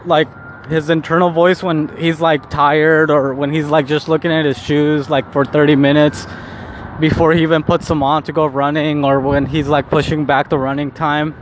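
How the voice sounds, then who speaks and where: A man's voice: fairly high pitch, flat delivery, moderate pace, a little hiss or hum. A man talking casually to the camera outdoors, rambling with many restarts, swearing and laughing often. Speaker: vlogger.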